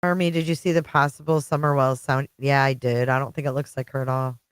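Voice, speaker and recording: A woman's voice: extremely low pitch, flat delivery, fairly quick, smooth, dry recording. A middle-aged woman hosting a casual livestream, chatting with viewers and greeting them by name. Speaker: livestream host. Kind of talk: casual live-chat stream.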